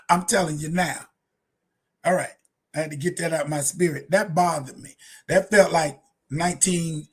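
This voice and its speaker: Male ministry host, slightly high husky voice, impassioned and repetitive. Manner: fiery, preacherly, laughs often, repeats lines for emphasis. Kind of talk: impassioned livestream commentary.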